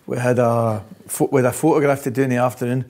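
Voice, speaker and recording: A man, a former footballer, telling a team anecdote in an animated, laughing way. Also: mid-range voice, brisk. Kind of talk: storytelling anecdote.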